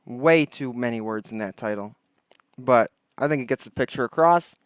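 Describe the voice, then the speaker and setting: New guy rambling on his outdoor livestream, smooth clear voice, dry sound. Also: medium pitch, normal speed, dry recording. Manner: rambling, greets chat, thinks aloud. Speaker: livestream host. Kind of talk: casual livestream chat. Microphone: desk microphone.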